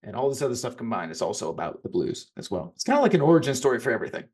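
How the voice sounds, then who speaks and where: A man's voice: medium pitch, very animated, racing, darkish tone. A man co-hosting a casual podcast chat about films, rambling and often restarting his sentences. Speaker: podcast co-host.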